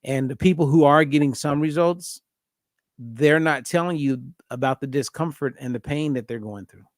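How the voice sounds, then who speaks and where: A man hosting a casual podcast conversation as a diet coach, telling a story with lively acted-out dialogue. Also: a little high, normal speed, dry recording, clean studio sound. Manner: animated storyteller acting out both sides of a phone call.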